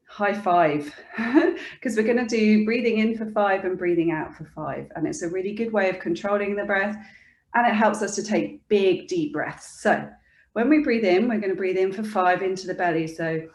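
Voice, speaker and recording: A woman teaching a yoga class for children, gentle and encouraging, laughing now and then, recorded at home by a camera across the room. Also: mid-range voice, recorded from a distance. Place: home room with her dog and cat. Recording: very echoey room, voice from off-mic.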